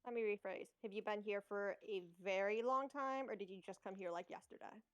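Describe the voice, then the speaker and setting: A woman's voice: medium pitch, a little fast, fairly bright tone, no room sound, soft background music. A woman playing a tabletop game, asking curious, direct questions of the characters. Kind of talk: casual in-character play.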